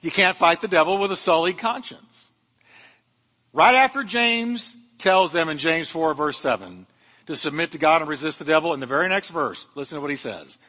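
A man's voice: fairly high pitch, expressive, normal speed, sharp tone, long reverb tail. A male pastor preaching a sermon, fervent and emphatic, with humorous asides to his congregation. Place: church sanctuary.

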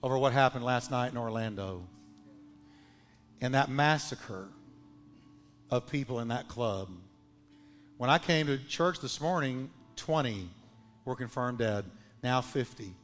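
A male pastor delivers his sermon in a church sanctuary, his voice ringing out in a long hall reverb. He lifts to loud, rousing calls, then drops to near-hushed lines. Faint music sits under him. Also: unhurried, pauses often. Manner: preacherly, swings between loud calls and hushed low lines.

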